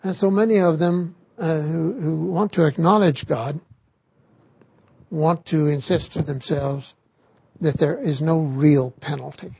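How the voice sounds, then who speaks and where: An older man giving a sermon on scripture, slow and halting with frequent restarts. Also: fairly high pitch, creaky, dark tone, husky, no room sound. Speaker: scripture teacher.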